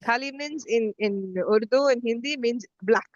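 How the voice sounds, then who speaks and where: Lively storytelling woman, lo-fi. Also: on the high side, a little slow, no echo. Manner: animated storytelling with many restarts. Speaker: podcast co-host. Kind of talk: casual conversation.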